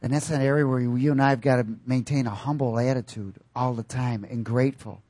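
A man preaching a sermon with animated delivery, calling out questions to his congregation and breaking into loud bursts. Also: mid-range voice, fairly quick, dry recording.

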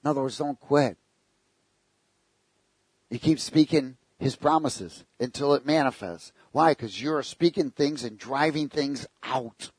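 A man's voice: medium pitch, a little slow, husky, dry recording. A man preaching a sermon, telling stories with jokes and asking the congregation rhetorical questions.

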